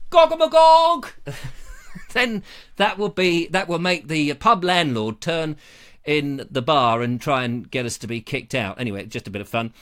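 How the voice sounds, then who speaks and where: A man with a high, pushed, bright voice hosts a casual livestream, chatting into a lavalier mic. He's jokey and rambling and slips into silly voices.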